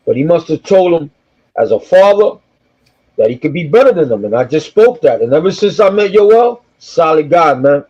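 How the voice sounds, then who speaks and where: A male co-host with a somewhat high voice tells a story in an animated, casual way. The audio is dull and lo-fi, missing its top end. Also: normal speed. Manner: animated anecdote teller.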